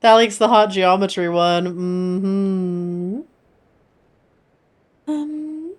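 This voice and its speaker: A woman's voice: mid-range voice, extremely slow, clean tone. A woman streamer chatting casually and playfully with her viewers while she plays a game. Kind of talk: casual gameplay chat.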